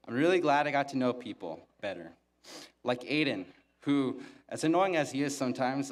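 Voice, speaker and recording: A young man gives a graduation speech from a podium mic in a flat, monotone voice. His humor is dry and self-mocking, and his voice sits at a middle pitch. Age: young adult. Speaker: valedictorian giving a graduation speech. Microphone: podium microphone.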